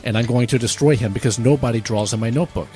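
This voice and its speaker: A man's voice: medium pitch, fast talker, darkish tone, faint music behind. A young man co-hosting a podcast, telling his side of a story in blunt, profane, teasing chat. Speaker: podcast co-host.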